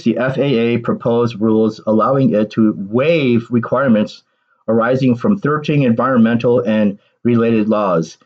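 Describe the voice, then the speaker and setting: A man's voice: medium pitch, darkish tone, lo-fi sound. A man giving a ranting solo political commentary, sarcastic and agitated, swearing and laughing bitterly.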